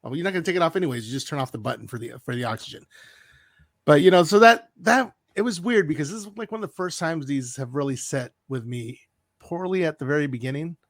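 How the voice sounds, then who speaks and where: A man co-hosting a podcast, retelling an episode in a rambling, animated way with playful asides. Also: a little high, fairly quick, no echo, studio quality. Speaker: podcast co-host. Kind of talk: casual chat.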